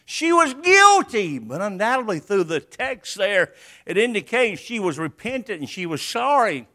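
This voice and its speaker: Older preacher, high bright voice, goes loud then soft, folksy. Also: male voice, sing-song, moderate pace. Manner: preacherly, swings from loud to hushed, folksy humor. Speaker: pastor. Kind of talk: sermon.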